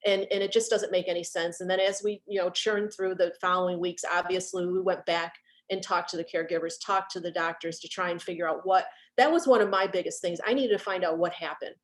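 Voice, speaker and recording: Guest, middle-aged woman, slightly low voice, earnest and halting, on a video call. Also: steady tone. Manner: earnest, halting, repeats herself when recalling. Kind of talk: heartfelt conversation about grief.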